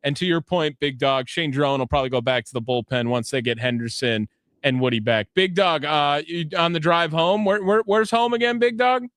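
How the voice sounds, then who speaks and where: A man's voice: a little high, normal speed, fairly bright tone, no room sound. A man hosting a call-in sports radio show from a studio, upbeat and chatty with callers. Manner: upbeat, keeps calling the caller by nickname. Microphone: studio microphone.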